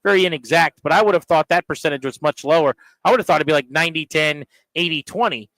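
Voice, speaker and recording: A man's voice: on the high side, fast, fairly bright tone, dry recording, poor audio. A man co-hosting a sports talk radio show, reading a sponsor message and poll results in a conversational way.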